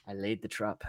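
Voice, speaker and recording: A man hosting a casual podcast quiz, teasing the players and laughing as he reads out questions. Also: lowish voice.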